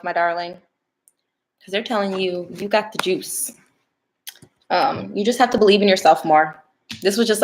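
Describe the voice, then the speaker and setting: A woman's voice: medium pitch, a bit bright. A young woman doing a casual, playful tarot reading on a livestream, chatting straight to her viewers. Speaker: tarot reader.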